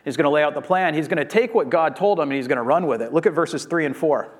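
A man with a slightly higher voice than most delivers a Sunday sermon. He talks it through conversationally, paraphrasing the scripture story in everyday words as though chatting with his congregation. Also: fast talker, hardly any pauses. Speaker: pastor.

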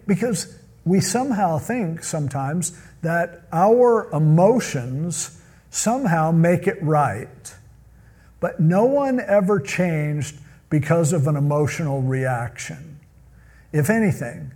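A man's voice: a little high, lively intonation, unhurried, darkish tone, slightly rough. A man preaching a sermon in a conversational way, often acting out the people he quotes. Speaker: pastor.

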